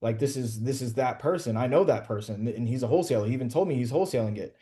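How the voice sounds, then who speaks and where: Man, mellow low-brightness voice, casual storyteller, slangy, swears a lot, video call. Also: fast. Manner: slangy and profane, says "bro" and "like" often. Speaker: real estate wholesaler coaching a group.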